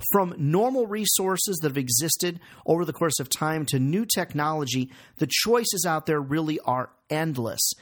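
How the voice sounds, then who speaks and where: Energetic husky-voiced male sales coach. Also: a little high. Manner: energetic, emphatic, rhetorical questions. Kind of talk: motivational sales training talk.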